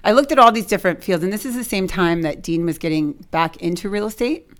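A woman's voice: medium pitch, quick pace. A woman guest in an office, chatting in a casual podcast interview, upbeat and laughing often. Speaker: podcast guest, real estate agent.

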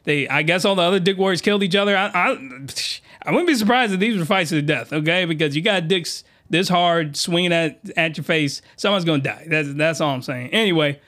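A man hosting a comedy podcast, reviewing a comic in a slangy, rambling monologue with sudden shouted outbursts. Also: fairly quick. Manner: animated, jumps into high-pitched shouted outbursts; slangy, rambling, with many restarts.

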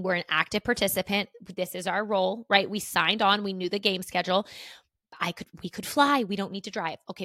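A woman's voice: medium pitch, fairly bright tone, dry recording, studio quality. A woman in her thirties hosting a podcast, telling a story in a chatty, rambling way with many fillers. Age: 30s. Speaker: podcast host. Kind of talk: casual storytelling chat.

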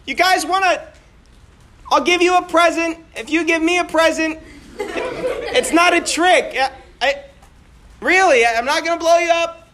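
A jittery young soldier pleads and over-reassures in a very high, strained voice, as a man puts him on in a classroom retelling. A faint hum of room noise sits behind him. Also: unhurried, long pauses, sharp tone, full character voice. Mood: pleading. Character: nervous young male soldier offering a gift.

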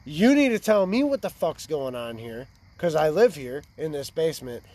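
A man's voice: a little high, sing-song, moderate pace, darkish tone. A man in his twenties telling a rambling, profane story in casual chat by a fire. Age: 20s. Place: outdoors by a fire.

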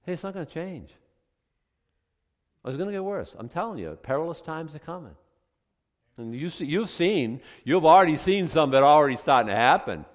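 Lively male pastor preaching in a hall. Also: on the high side, normal speed, long pauses. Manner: animated, chatty preaching with rhetorical questions. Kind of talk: conversational sermon. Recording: long reverb from a hall.

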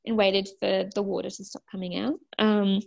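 A woman's voice: mid-range voice, level tone, normal speed, creaky. A young woman, casually telling a long personal story, full of fillers and quoted dialogue. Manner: chatty, many fillers, quotes herself and others. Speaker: guest telling her birth story.

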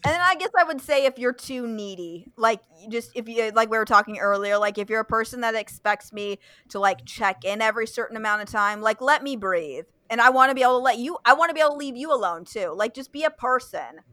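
Bright-voiced woman, blunt and swearing. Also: a little high, fast, few pauses, no room sound. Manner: blunt, swears freely, many fillers and restarts. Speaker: podcast host. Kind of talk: casual chat.

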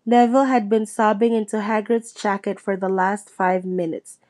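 A woman's voice: medium pitch, flat delivery, moderate pace, a little mellow. A woman reading a children's novel aloud, narrating steadily and expressively. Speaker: audiobook reader. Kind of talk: storybook narration.

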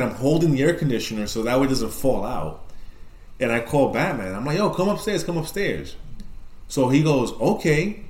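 In a roomy-sounding recording, a man with a mid-range voice co-hosts a podcast and recounts a spooky story. He rambles, swears, uses lots of fillers, and keeps the retelling casual and animated.

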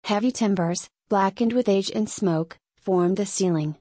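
A woman's voice: medium pitch, unhurried, mellow, dry recording. Woman reading a novel aloud, dry. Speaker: narrator. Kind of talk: audiobook reading.

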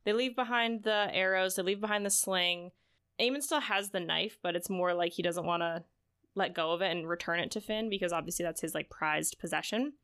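A woman's voice: on the low side, a little fast, smooth. Woman on a podcast, chatty book talk, keeps saying like, acts out the characters lines. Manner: animated retelling, frequent "like", acts out characters' lines. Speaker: podcast co-host. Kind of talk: casual book discussion.

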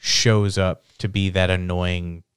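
A man's voice: low voice, level tone, takes it slowly, smooth, no room sound, studio quality. A man co-hosting a casual podcast chat, talkative and trailing off into fillers. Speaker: podcast co-host.

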